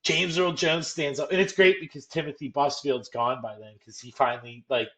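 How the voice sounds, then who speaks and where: A man co-hosting a casual movie podcast, animated and retelling scenes with plenty of "like". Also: mid-range voice, normal speed. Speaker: podcast co-host.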